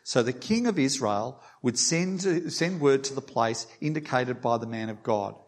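A man's voice: medium pitch, lively intonation, moderate pace. A man preaching a sermon, reading a passage aloud with small restarts and lightly voicing the quoted lines. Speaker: pastor.

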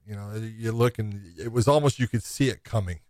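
A man co-hosting a podcast in relaxed, agreeable casual chat. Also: fairly low pitch, fairly quick, dry recording. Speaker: podcast co-host.

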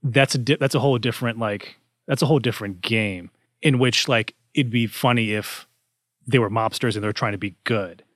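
A man's voice: medium pitch, brisk, a bit bright, no room sound, studio quality. A man co-hosting a casual comedy panel, rambling with many restarts and fillers. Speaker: podcast co-host. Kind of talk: casual discussion.

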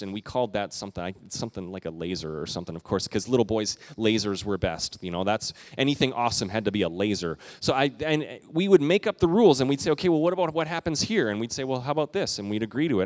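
A middle-aged man giving a sermon as a pastor, earnest and conversational, lifting his voice for emphasis. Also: lowish voice.

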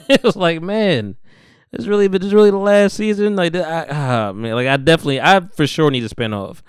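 A man's voice: a little high, fairly quick, smooth, no room sound, clean studio sound. A young man hosting a podcast, recapping a TV episode in casual, slangy chat and acting out the characters' lines. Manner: slangy, laid-back, acts out characters' lines. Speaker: podcast host.

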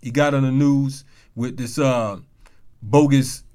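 A man's voice: mid-range voice, fairly even intonation, slow, warm tone, clean tone. Man hosting a casual street-talk show. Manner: loose, street slang, heated storytelling. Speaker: podcast host. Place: Atlanta.

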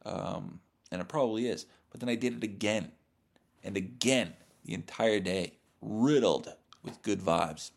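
A man hosting a podcast, rambling through a crude, profane comedic monologue in a deadpan, mock-serious way. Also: on the low side, a little slow, gravelly. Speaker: podcast host.

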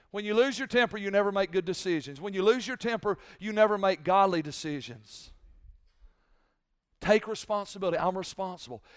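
Male pastor, sermon delivery, resonant and bright-pitched, repetitive and forceful. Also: smooth, no echo, clean studio sound. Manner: preaching with rising, shouted emphasis and repetition.

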